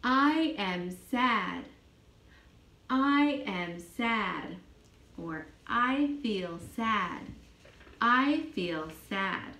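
A woman gives a children's English lesson, speaking very slowly and patiently and repeating every phrase for a child to say back. Her pitch moves up and down in a lively way. The room is echoey, with faint noise behind her. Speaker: teacher of young children.

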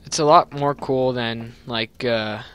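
A young man talks through a horror game in a casual, rambling way at an ordinary middle pitch. When something jumps out, he breaks into loud, panicked yelling. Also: steady tone, slow pace, smooth. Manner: chatty, jumpy, loud panicked yelling at scares. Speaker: gameplay commentator. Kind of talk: horror game let's play commentary.

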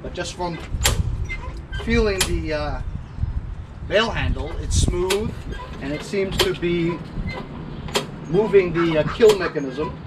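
Male small-engine repair host, casual rambling commentary with fillers, a bit higher voice, noisy garage recording. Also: animated, slow, long pauses. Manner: rambling, chatty asides with many fillers. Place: home garage and car.

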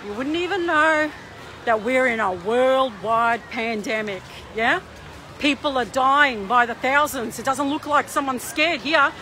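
A woman's voice: sits high, pushed and bright. A woman livestreaming on a phone held in her hand at a busy waterfront. She rants in an indignant, exasperated way. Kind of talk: outdoor phone livestream rant. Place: busy outdoor waterfront and pool area. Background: faint crowd chatter and outdoor noise.

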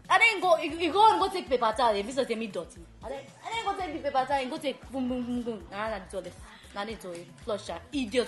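A woman with a Sierra Leonean Krio-tinged accent telling comic stories in a casual way, animated, laughing often and repeating words as she goes. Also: high voice, fast talker, faint music behind. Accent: Sierra Leonean Krio-tinged English. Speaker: show host telling stories.

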